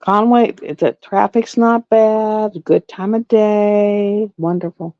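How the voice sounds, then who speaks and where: A woman's voice: mid-range voice, slow, warm tone, no echo, dull audio. A woman from the chatting casually at home on a live stream, rambling and repeating herself. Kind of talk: casual chat. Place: home with pets.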